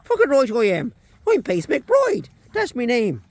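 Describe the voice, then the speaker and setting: A man voicing a small, hyper male Irish dog that is cheeky, foul-mouthed and squeaky. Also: huge pitch swings, unhurried, darkish tone, full character voice. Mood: defiant. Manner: squeaky, cocky, swearing.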